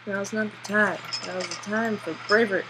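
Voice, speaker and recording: A woman doing let's play commentary, jittery and excitable, swearing at her character, on a built-in laptop mic. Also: mid-range voice, normal speed, noisy background. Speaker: gamer.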